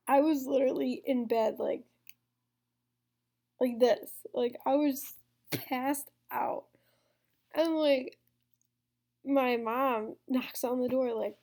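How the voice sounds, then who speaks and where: A woman's voice: fairly high pitch, dark tone. A young woman telling a storytime vlog to camera in a rambling, casual way, full of fillers, swearing and laughter. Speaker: vlogger.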